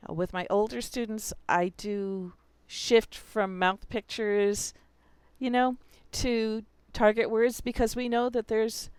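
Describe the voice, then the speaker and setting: A woman's voice: medium pitch, clean tone, no echo. A woman teacher explaining how she teaches spelling, talking through her students' examples as she goes. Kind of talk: instructional video.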